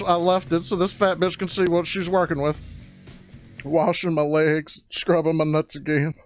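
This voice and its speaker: A high-pitched man tells a crude comic story and keeps bursting into loud, excitable shouts. The sound is dull and lo-fi, with faint music underneath. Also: no echo. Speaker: comedian telling a story. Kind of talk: stand-up storytelling.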